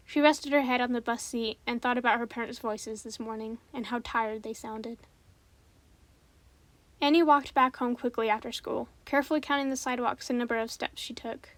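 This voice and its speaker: Calm woman narrating a spooky story. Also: fairly high pitch, no echo. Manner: calm, measured, steady.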